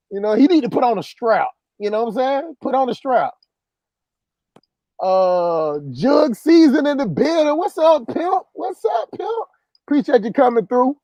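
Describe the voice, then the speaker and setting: A man's voice: high-pitched, warm tone, no echo, lo-fi sound. A man hosting a casual livestream, reading chat comments and telling stories in a loose, repetitive, laughing way. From southern US countryside. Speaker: livestream host.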